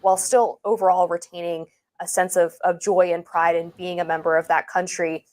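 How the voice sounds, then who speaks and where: Woman guest on a live politics panel, fairly low voice, measured and articulate. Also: flat delivery, darkish tone.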